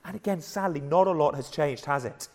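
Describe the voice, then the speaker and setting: A hoarse man with an English accent, preaching a sermon in an earnest, conversational way with frequent repeated starts. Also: a little high, brisk, long reverb tail. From England. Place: church.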